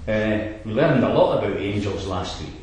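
A man's voice: fairly low pitch, lively intonation, normal speed, darkish tone, very echoey, slight background noise, poor audio. A man preaching a sermon, emphatic and fond of rhetorical asides to his congregation.

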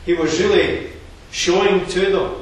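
A man preaching a sermon in a measured, earnest expository manner. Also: high-pitched, steady tone. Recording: very echoey, distant room recording.

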